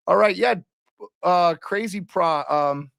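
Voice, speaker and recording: A man's voice: high voice, slow, creaky, a bit bright, dry recording, studio quality. A man hosting a casual live hockey stream, chatting loosely and calling out viewers and their locations. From Canada.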